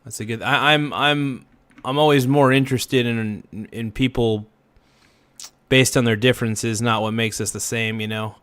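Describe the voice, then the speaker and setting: A man's voice: medium pitch, fairly even intonation, normal speed, fairly bright tone, clean tone. A man hosting a casual late-night livestream, rambling and self-reflective, trailing off with fillers and restarts. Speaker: livestream host.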